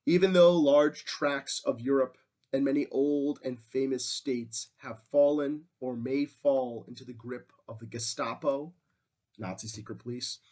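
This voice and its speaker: A man's voice: medium pitch, darkish tone, close to an everyday voice. A man reading as a defiant wartime leader. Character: defiant male wartime leader giving a rousing speech.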